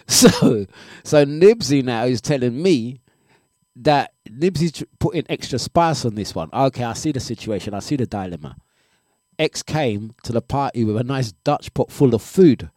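A man hosts a breakfast radio show and chats casually on air. He talks in an animated way, laughs often and repeats his phrases. His voice sits at an ordinary pitch and sounds dry and close on a studio microphone. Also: normal speed, no echo. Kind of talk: casual live radio chat.

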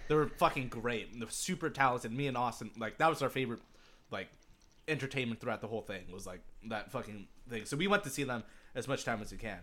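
A man's voice: mid-range voice, fast, a bit bright. A young man, a podcast co-host, casually rambling through a story with lots of swearing and restarts. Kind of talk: casual chat.

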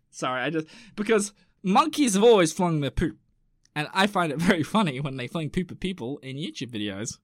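Chatty man with a fairly high voice. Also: fairly bright tone, no room sound, studio quality. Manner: rambling and chatty, full of fillers and asides. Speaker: podcast host reading listener messages. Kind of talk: casual chat.

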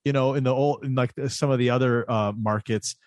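A man co-hosting a casual wrestling chat, talking in quick animated bursts with frequent restarts. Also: medium pitch, no room sound. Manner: animated, restarts often, slips into comic voices.

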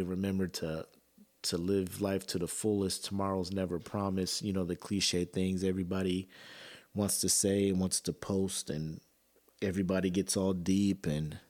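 A man's voice: low voice, darkish tone. A man hosting a podcast, talking earnestly and emotionally in a personal monologue, with casual fillers and swearing. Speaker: podcast host.

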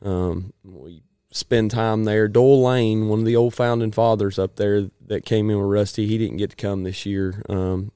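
A man talks through a casual chat in a rambling, folksy way, pausing often to clear his throat. His voice sits low and sounds smooth and resonant. The recording is dry and close. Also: steady tone, mellow, no room sound.

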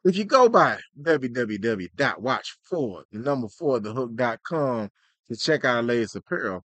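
Animated, slangy man podcast co-host. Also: medium pitch, moderate pace, dry recording. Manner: animated, slangy, plays out skits. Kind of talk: casual podcast chat.

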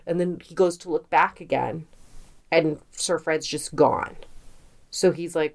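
A woman co-hosting a podcast, telling spooky stories in a casual, animated way and acting out quotes. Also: low voice, fairly quick. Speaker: podcast co-host. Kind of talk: casual storytelling chat.

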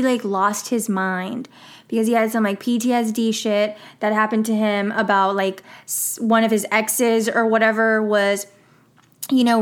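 A young woman in her twenties hosts a casual solo podcast, her voice sitting slightly high. She rambles through stories with frequent laughs and acts out the people she quotes. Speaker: podcast host.

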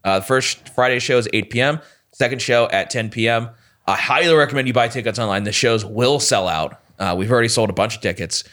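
A man appearing as a comedian guest on a podcast, telling stories with a lot of filler in an animated way. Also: medium pitch, fairly quick. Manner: animated storyteller, lots of filler. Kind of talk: casual chat.

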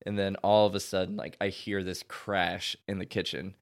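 A man's voice: low-pitched, level tone, moderate pace, creaky. A young man chatting casually as a podcast co-host, telling a loose, slangy story and laughing often. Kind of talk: casual chat.

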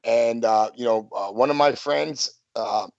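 A man's voice: mid-range voice, measured pace, vocal fry, no echo. A man in his fifties, a former wrestler, tells rambling stories in a casual interview, full of restarts and "you know". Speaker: guest, former pro wrestler. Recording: dull lo-fi, dry sound.

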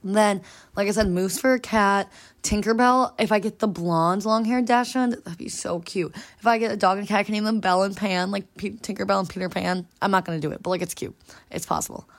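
Fast-talking young woman, rambling podcast chat. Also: mid-range voice, fairly even intonation. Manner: rambling, heavy use of filler "like". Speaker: podcast host. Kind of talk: casual chat.

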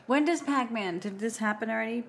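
A woman's voice: a little high, a little fast, creaky, a little hiss or hum. A woman co-hosting a podcast in casual chat, easygoing, chiming in with short agreements and offbeat comparisons. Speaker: podcast co-host.

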